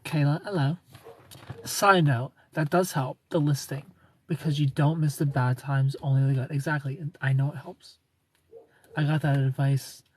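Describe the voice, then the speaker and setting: A slightly high-voiced man chats into his phone during a live stream, greeting viewers by name. He is playful and a bit dramatic, and he coaches people through breakups like a friend would. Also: steady tone, moderate pace, slight background noise. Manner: chatty, greets viewers and reads their comments aloud. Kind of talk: casual live stream chat.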